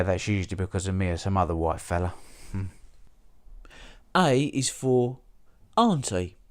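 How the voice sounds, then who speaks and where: A man's voice: mid-range voice, darkish tone. A man delivering a dry, sardonic comic monologue to camera, full of punchy asides. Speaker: comic presenter.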